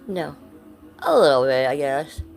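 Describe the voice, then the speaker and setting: A woman's voice: low-pitched, very animated, measured pace, gravelly, a little mellow, faint music behind. A middle-aged woman from Ohio chatting casually on a live stream, blunt and profane, reading out and answering her chat. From Cleveland, Ohio, USA.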